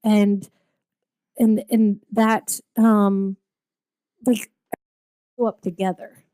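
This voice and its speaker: A woman's voice: medium pitch, flat delivery, extremely slow, dark tone, clear, resonant tone, no room sound, clean studio sound. A woman around forty talking candidly in a casual podcast chat, rambling with restarts and fillers. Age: 40s. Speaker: podcast co-host.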